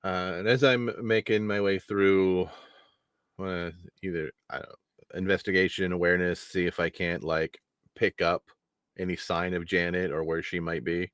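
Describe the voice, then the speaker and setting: A man with a Chicago accent and a very low voice, talking casually as a player at a role-playing table. He sounds relaxed and quick to swear, recorded close and dry. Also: smooth, no room sound.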